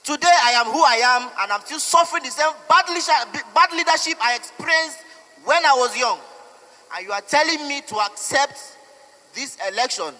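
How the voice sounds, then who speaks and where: A young man with a Nigerian accent speaks in a very high, piercingly bright voice. He talks emotionally, pleading one moment and defiant the next. A long reverb trails behind his words. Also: animated, moderate pace. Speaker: protester. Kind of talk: impassioned street statement.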